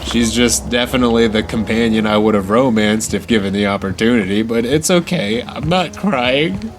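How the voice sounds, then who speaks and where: A man's voice: on the low side, brisk, noisy background. A man giving casual, wry, self-mocking commentary while streaming a video game. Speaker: gaming streamer. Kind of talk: casual let's-play commentary.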